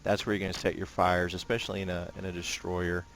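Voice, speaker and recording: A man giving casual commentary while playing a naval combat game, talking in a relaxed, rambling way with many fillers and restarts. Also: low-pitched, fast, faint music behind. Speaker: gameplay commentator.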